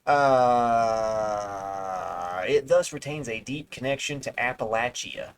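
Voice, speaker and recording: A man's voice: mid-range voice, fairly even intonation, slow pace, a little hiss or hum, poor audio. A male streamer reading an article aloud with rambling, sarcastic asides. He swears now and then and trips over words as he reads. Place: home streaming setup.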